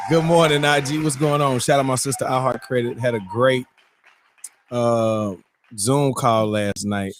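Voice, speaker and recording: A man hosting a morning show, telling stories in an animated, laughing way with loose slang. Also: mid-range voice, measured pace, slight background noise. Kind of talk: casual chat and storytelling.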